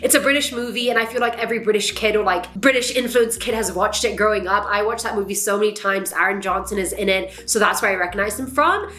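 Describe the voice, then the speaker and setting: A young adult woman vlogger chatting casually about films, animated and swearing freely. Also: mid-range voice, a little fast, hardly any pauses. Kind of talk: casual reaction chat. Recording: echoey room.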